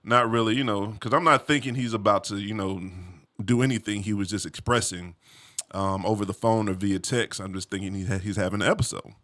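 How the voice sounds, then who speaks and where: A man casually telling a personal story, animated, full of slang and "you feel me" asides. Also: on the low side, a little fast.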